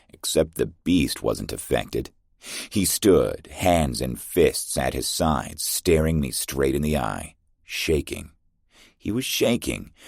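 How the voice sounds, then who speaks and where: A man narrating a first-person science fiction audiobook in a steady, terse way. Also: rumbling low, vocal fry, breathy edge, no echo, clean studio sound.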